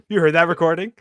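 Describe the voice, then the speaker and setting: A man's voice: a little high, no echo. A man co-hosting a podcast in casual chat, laid-back and laughing often.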